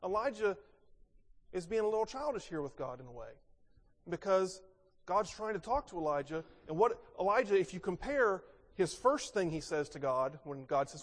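A man with a high-pitched voice delivers a sermon, posing rhetorical questions and swinging from emphatic to hushed. His voice carries a long reverb, as if from a large hall. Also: moderate pace. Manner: expressive, rhetorical questions, swings between loud and soft. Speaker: pastor.

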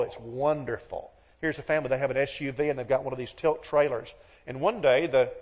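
A man giving a sermon to a congregation, telling folksy stories and acting out the voices of the people in them. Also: mid-range voice. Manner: folksy storytelling, acts out quoted voices. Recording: long hall reverb.

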